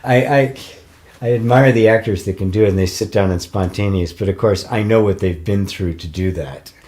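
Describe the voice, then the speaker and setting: A man's voice: lowish voice, normal speed, darkish tone. An older man in casual chat, rambling with fillers, restarts and frequent chuckles as he reads viewer comments. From United States. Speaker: spiritual teacher.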